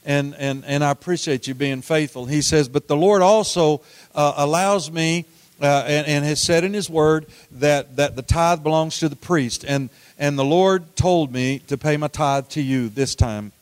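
Folksy preacher man, high voice. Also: moderate pace, clear, resonant tone, dry recording. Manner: folksy storytelling, repeats words, swings from loud to hushed. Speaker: pastor. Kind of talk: sermon.

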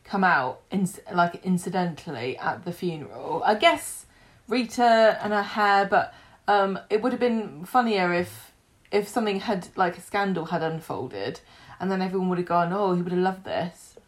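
A woman's voice: lowish voice, expressive, normal speed. A woman co-hosting a casual podcast, chatting and reading listener messages aloud. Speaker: podcast co-host.

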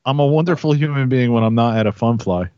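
Man, dry teasing banter, mid pitch, dull dry call audio. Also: fast talker, dark tone. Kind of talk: casual chat.

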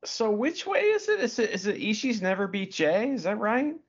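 A man's voice: high-pitched, very animated, moderate pace, muffled recording. A man co-hosting a casual podcast chat, rambling and playful, often stopping to ask questions. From United States. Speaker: podcast co-host.

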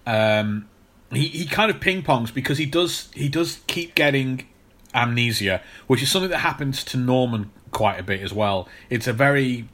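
Bright-voiced man explaining comic lore. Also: medium pitch, normal speed. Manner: explanatory, hesitant with many fillers and restarts. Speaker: podcast co-host. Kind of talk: casual chat.

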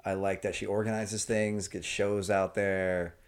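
A man's voice: low voice, little pitch movement, measured pace. A man from Georgia, a guest comedian, chatting casually on a podcast in a rambling way. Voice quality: gravelly. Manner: rambling, conversational, hedging with fillers.

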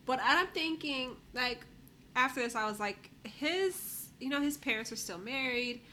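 A woman's voice: high-pitched, expressive, unhurried, bright, forceful tone, slight background noise. A woman, chatting casually as a podcast co-host and acting out the people she quotes in a recap. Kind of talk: casual chat.

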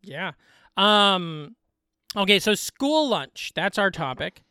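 A man co-hosting a comedy podcast, chatting casually, joking quickly and laughing often. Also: high voice, very animated, sharp tone, smooth, dry recording, studio quality. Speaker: podcast co-host.

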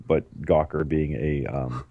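Podcast co-host, male, very deep and dry, irreverent and quick to laugh. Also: fairly even intonation, creaky, no echo, phone-quality sound. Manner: laughs often, swears freely, riffs. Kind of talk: casual podcast chat.

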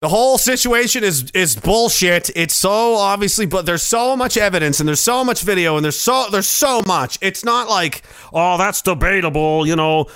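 A man's voice: high-pitched, expressive, moderate pace, few pauses, a bit bright, smooth, no echo. A young man doing a profane, sarcastic stand-up rant, acting out other people's voices. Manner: profane, sarcastic, acts out characters. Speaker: stand-up comedian.

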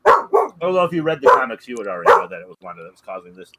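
A man's voice: mid-range voice, very animated, racing, very noisy. A man in casual chat, rambling through a recap with plenty of fillers and self-corrections. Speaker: podcast co-host.

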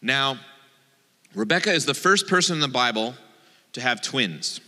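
A man's voice: medium pitch, animated, moderate pace, bright, forceful tone, big-room sound. A man, a rabbi, giving a playful, joking sermon and acting out the voices in his quotes.

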